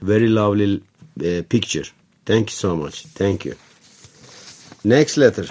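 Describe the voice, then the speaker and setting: A man's voice: lowish voice, expressive, a little slow, darkish tone. A man with a Turkish accent hosting a radio show, reading listener letters in chatty, non-native English. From Turkey. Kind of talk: casual on-air letter reading.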